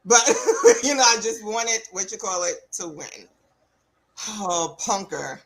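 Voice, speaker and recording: A woman's voice: medium pitch, lively intonation, slow pace, breathy edge. A woman co-hosting a casual wrestling podcast, laughing often and teasing her co-host.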